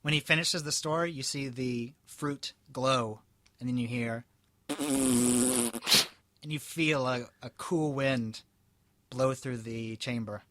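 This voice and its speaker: A man's voice: medium pitch, steady tone, slow, long pauses, a bit bright, no room sound. A young man running a comedic tabletop game, reading a story aloud in a hammy, melodramatic voice and chatting with the players. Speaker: game master.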